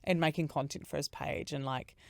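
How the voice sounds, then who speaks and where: A man's voice: on the high side, steady tone, brisk, vocal fry, no echo. Chatty young New man, dry studio. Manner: chatty storyteller, heavy use of "like". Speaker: podcast host. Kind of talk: casual chat.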